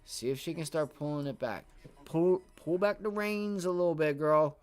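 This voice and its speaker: A man streaming live from home, giving excitable, profane trading commentary while talking to himself and his viewers. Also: a little high, normal speed, smooth. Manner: excitable, swears, talks to himself and chat. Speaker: livestream day trader.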